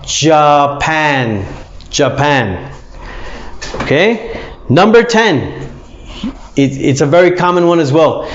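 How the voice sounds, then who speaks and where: A man teaching English pronunciation, repeating each word slowly with exaggerated emphasis. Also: a little high, slight background noise. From United States. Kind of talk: pronunciation lesson. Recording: echoey room, slightly dull sound.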